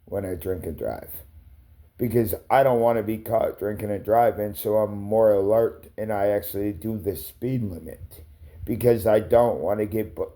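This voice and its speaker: A man's voice: lowish voice, mellow. A man ranting in a rambling, confrontational way, swearing heavily and calling out people by name. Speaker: livestreamer. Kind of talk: rambling angry rant.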